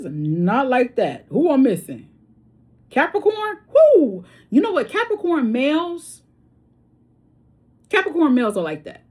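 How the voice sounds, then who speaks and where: A woman giving a casual tarot reading, chatty and blunt, with swearing and story asides, her voice swinging between loud and hushed. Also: on the high side, breathy edge. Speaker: tarot reader.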